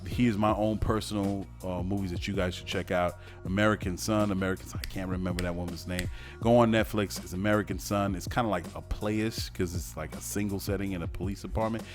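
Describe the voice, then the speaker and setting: A man with a lowish voice hosts a casual radio talk show, chatting and joking as he rambles along with fillers and restarts. Faint music sits under his voice. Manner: breaks into silly mock-French voices. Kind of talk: casual podcast monologue.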